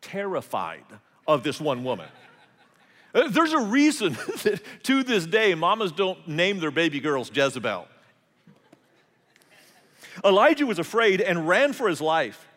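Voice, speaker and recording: Animated preacher man in a reverberant hall. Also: sits high, measured pace, pauses often. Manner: animated, conversational, humorous asides. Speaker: pastor. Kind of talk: sermon, storytelling with jokes.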